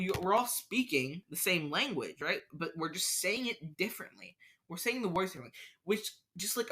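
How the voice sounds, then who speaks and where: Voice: mid-range voice, pushed and bright. A podcast host, rambling through an unscripted solo rant, stammering and restarting sentences often.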